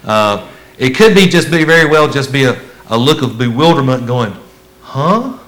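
A man preaching a sermon as a pastor, in a folksy, conversational way that swings between loud emphasis and hushed asides. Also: mid-range voice, normal speed, rough recording.

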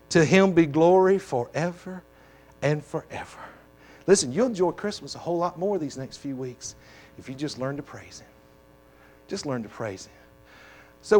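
A man's voice: a little high, lively intonation, moderate pace, long pauses, darkish tone. A man preaching as pastor to his congregation, talking in emphatic, repetitive exhortations. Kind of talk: sermon. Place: church sanctuary.

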